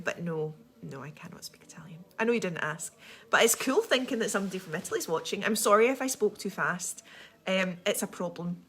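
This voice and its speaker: Scottish woman, young, rapid rambling chat, lower voice, livestream host. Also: a bit bright. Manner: fast, chatty, rambling with many ums.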